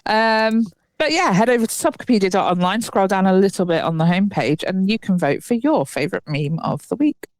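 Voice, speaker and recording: A woman's voice: mid-range voice, lively intonation, brisk, few pauses, darkish tone, no echo. A woman co-hosting a casual podcast, reacting with laughter and groans, telling jokes and wrapping up the show. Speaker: podcast co-host.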